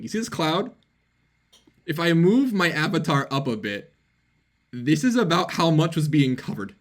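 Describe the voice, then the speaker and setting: Rambling young man telling a story. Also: fairly high pitch. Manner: rambling, filler-heavy, self-mocking. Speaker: avatar vlogger. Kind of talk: casual storytelling.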